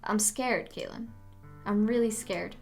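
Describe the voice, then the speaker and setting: A woman voicing a sad, anxious teenage schoolgirl, reading game dialogue aloud in a soft, hesitant way. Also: medium pitch, unhurried, gravelly, faint music behind. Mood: scared.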